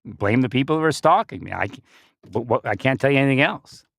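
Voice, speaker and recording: A man's voice: medium pitch, expressive, quick pace, vocal fry, fairly bright tone, no room sound, clean studio sound. A man giving a rambling spiritual monologue, often breaking into laughter and restarting his sentences. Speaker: spiritual speaker.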